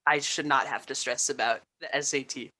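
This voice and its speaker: A low, bright-toned young woman talking casually with friends. She tells her story in a loose, rambling way, full of fillers and restarts. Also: steady tone, fairly quick. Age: young adult. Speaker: student co-host. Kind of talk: casual chat.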